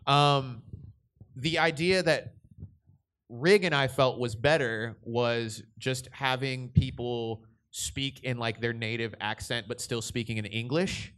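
A man's voice: mid-range voice, fairly even intonation, slow pace, fairly bright tone. Rambling young man on a panel. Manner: rambling, with frequent restarts and laughs. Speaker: voice director on a convention panel. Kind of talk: panel Q&A answer, casual.

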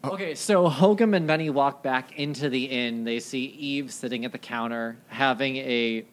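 A man's voice: mid-range voice, moderate pace. A man as game master narrating a tabletop game with loose, profane banter.

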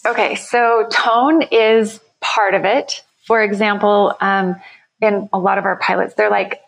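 A woman with a mid-range voice and a gravelly, fry-tinged edge talks through her work as a company founder in a conversational interview. She explains eagerly and leans on quick everyday examples. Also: mid-range voice, fairly even intonation, low-quality recording.

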